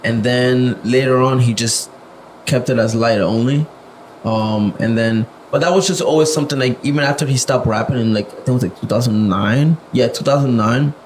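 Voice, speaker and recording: A reserved young man talks in an easygoing, halting way, full of "like" and "you know." His voice sits at a middle pitch. A faint hiss runs under the recording. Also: steady tone, poor audio. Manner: soft-spoken, reserved, many fillers. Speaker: podcast guest, music producer. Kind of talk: casual interview chat.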